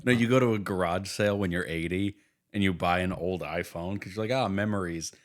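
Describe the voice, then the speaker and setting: Sarcastic low-voiced man bantering. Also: brisk. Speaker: podcast co-host. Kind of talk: casual chat.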